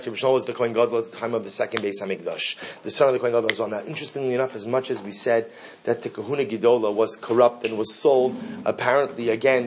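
A middle-aged man teaching a Torah class, leading listeners through a text, asking rhetorical questions and repeating key phrases for emphasis. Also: medium pitch. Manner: emphatic, rises sharply when reading Hebrew and Aramaic aloud.

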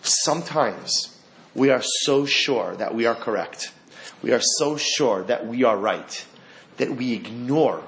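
A man teaching a Torah class, animated, asking rhetorical questions and acting out the lines of the story. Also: medium pitch.

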